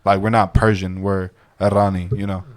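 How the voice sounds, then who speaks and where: A man with a fairly low voice chats on a casual podcast. He tells stories with energy and plays out each side of the conversations he recounts. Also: normal speed. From Mexican heritage. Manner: animated storyteller, acts out quoted exchanges. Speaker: podcast guest. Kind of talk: casual chat.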